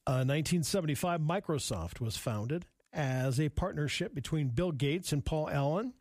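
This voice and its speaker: A man's voice: on the high side, normal speed, dry recording, studio quality. A man hosting a casual radio show, reading out trivia and chatting with a co-host, laughing often. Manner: animated, laughs often, reads out trivia items.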